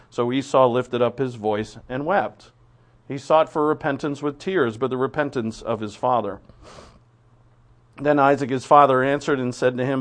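Man, Bible teacher, conversational, reads verses then explains, mid-pitched voice. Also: moderate pace. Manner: conversational, reads scripture aloud then comments, restarts and asides. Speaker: preacher.

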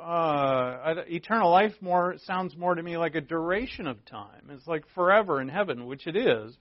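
A man's voice: fairly high pitch, dry recording. Preaching man, dull lo-fi sound. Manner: conversational preaching, rhetorical asides. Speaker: pastor. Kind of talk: sermon.

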